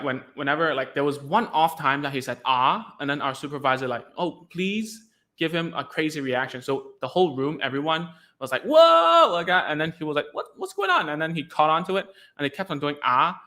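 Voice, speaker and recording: This is a chatty, casual explanation from a young Hong Kong man who hosts a podcast and used to be an ABA therapist. He rambles in a relaxed way, dropping "like" between thoughts and acting out sounds and reactions, and his voice is bright and forward at a typical male middle pitch.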